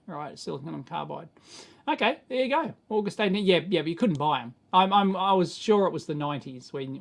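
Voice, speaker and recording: A man's voice: high voice, creaky. A middle-aged Australian man hosting a casual electronics livestream, rambling and exasperated, chuckling as he answers the chat.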